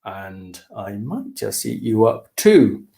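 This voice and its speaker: A man's voice: lowish voice, very animated, takes it slowly, creaky, warm tone, full character voice. A man voicing a brave, polite little male kitten in a children's storybook reading, eager and bold.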